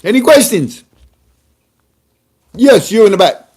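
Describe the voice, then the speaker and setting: A man's voice: lively intonation, takes it slowly, slightly rough, full character voice. A man doing a gloating bank governor. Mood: grandstanding. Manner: high, loud, theatrical announcer voice. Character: male central bank governor addressing citizens, pleased with himself.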